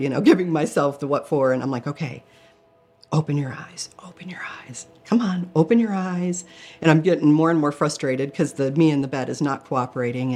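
A woman's voice: low-pitched, darkish tone. A woman from Michigan telling an emotional personal story in earnest, often acting out her own thoughts. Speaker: near-death experience storyteller.

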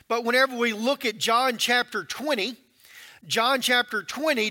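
Bright-voiced pastor preaching. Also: male voice, very high-pitched. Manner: folksy, conversational preaching with fillers. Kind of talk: sermon.

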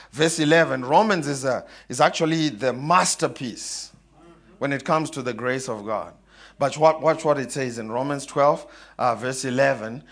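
A man's voice: medium pitch, a bit bright. A man preaching a sermon, calling out questions for the congregation to answer and laughing often. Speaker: pastor.

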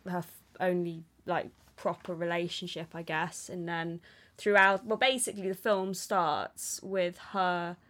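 A woman co-hosting a film review podcast, talking in a chatty, animated way with many fillers. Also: lowish voice. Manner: chatty and animated, frequent "like" and laughs. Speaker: podcast co-host. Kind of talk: casual film review chat.

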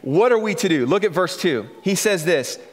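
A man's voice: high voice, lively intonation, normal speed, in a large hall. A male pastor preaching a sermon in a conversational style, drawing out key phrases and chuckling now and then.

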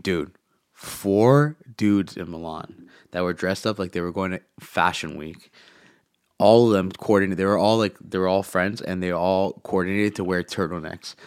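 A very low-pitched man rambles through a travel story, stacking up "like" and "man" as he goes. His throat is swollen, a cough drop is in his mouth, and the close mic catches every swallow. The sound is dry and tight. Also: moderate pace, clean tone, no echo. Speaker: podcast guest recounting travel. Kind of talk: casual chat. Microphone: close mic picking up swallowing.

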